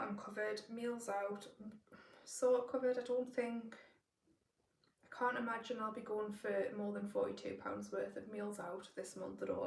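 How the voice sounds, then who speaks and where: A woman's voice: medium pitch, slight background noise. A woman from northeast England, casually walking through her monthly budget and working out the sums aloud as she goes. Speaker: budgeting vlogger. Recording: roomy, distant from the mic.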